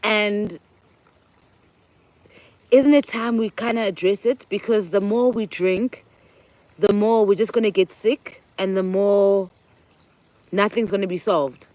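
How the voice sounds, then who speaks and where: A South African woman hosting a show, talking casually and telling animated stories, often acting out other people's voices and mixing in local words. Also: medium pitch, takes it slowly, pauses often, no echo, low-quality recording. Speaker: host. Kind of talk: casual monologue.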